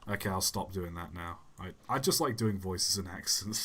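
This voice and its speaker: A soft-spoken young man answering chat questions on a casual livestream, rambling and self-deprecating. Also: low-pitched, normal speed, few pauses. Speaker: YouTube channel host. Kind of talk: casual livestream Q&A while gaming.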